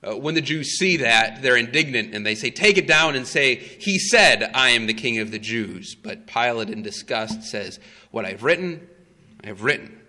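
A man preaching a sermon, telling the story slowly and with emphasis, with frequent "uh" fillers. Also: medium pitch, bright, forceful tone. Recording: long hall reverb.

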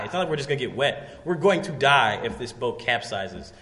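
Male preacher, sermon delivery, lively storytelling, fairly high voice, swinging pitch, long hall reverb. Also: fairly quick.

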